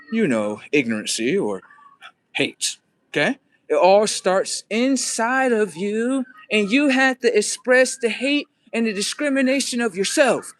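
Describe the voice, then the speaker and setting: A man's voice: sits high, no echo. A man hosting a livestream, rambling on in a profane, casual monologue and talking back to his viewers. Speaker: livestream host.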